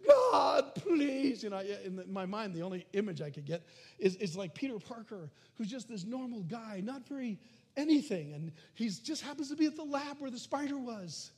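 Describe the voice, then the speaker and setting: A man preaching a sermon, animated, swinging from loud calls to hushed near-whispers. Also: high voice, fairly quick, slightly rough. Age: adult. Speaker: pastor.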